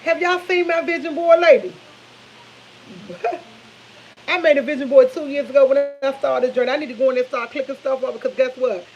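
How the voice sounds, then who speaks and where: A woman's voice: high-pitched, brisk, muffled recording. Fifty-something woman, casual storyteller cooking in her kitchen, faint sizzle behind. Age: 50s. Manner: chatty, animated storytelling with laughs, addresses viewers as y'all. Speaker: vlogger. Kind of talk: casual chat. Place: home kitchen while cooking.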